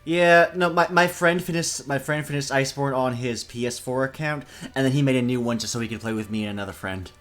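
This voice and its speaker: A man's voice: medium pitch, fast talker, few pauses, fairly bright tone, faint music behind. A young man playing in a tabletop game, chatting casually and eagerly arguing his points with the group. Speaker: player.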